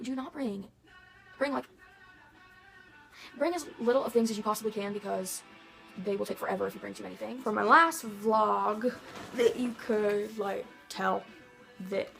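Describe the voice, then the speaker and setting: Gravelly-voiced young woman vlogger. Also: a little high, low-quality recording. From Missouri, US. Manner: rambling, excitable, heavy on "like" and "um". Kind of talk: casual vlog storytelling.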